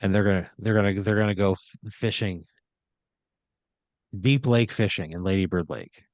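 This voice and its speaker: A man's voice: on the low side, normal speed, no echo. A man narrating an improvised story on a comedy podcast, rambling and full of fillers.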